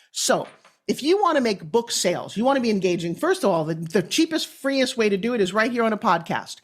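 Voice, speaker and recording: A woman pitch coach talking on a podcast in an emphatic, sales-driven way. Her voice sits at a middling pitch, and she lands her points in short, punchy bursts. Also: breathy edge. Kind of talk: energetic podcast interview advice.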